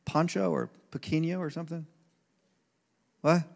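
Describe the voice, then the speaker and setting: High-voiced pastor preaching in a reverberant hall. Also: male voice, fairly even intonation, moderate pace, gravelly. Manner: casual, joking, acts out quoted voices. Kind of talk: conversational sermon. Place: church sanctuary.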